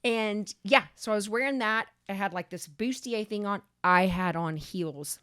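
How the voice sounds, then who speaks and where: A woman, co-hosting a podcast and telling a story in a casual, animated way, swearing and speeding up when excited. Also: medium pitch, normal speed, clear, resonant tone, no echo, studio quality. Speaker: podcast co-host.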